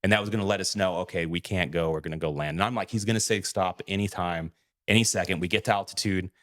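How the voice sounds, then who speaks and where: Lower-voiced man telling a story. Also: quick pace. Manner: animated retelling, acts out quoted lines, swears freely. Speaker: podcast co-host. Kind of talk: casual storytelling.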